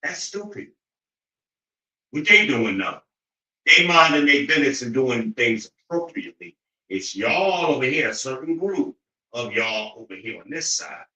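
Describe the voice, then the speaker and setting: A man hosting an opinionated monologue, preachy and profane, often climbing into loud, incredulous outbursts. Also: mid-range voice, big pitch swings, measured pace. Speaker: show host. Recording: roomy echo.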